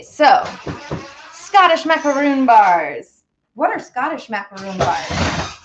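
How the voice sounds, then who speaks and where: A woman's voice: mid-range voice, dull audio. Chatty woman baking in her kitchen. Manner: chatty, bubbly, reads viewer comments aloud. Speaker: baking livestream host and singer. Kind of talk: casual livestream chat with viewers. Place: home kitchen.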